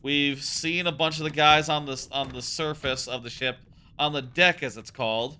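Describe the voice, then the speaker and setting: A man's voice: fairly high pitch, steady tone, normal speed, pushed and bright, a little hiss or hum. A young man casually musing aloud as he plays through a game, rambling as he goes. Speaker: let's play host. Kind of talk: casual gameplay commentary.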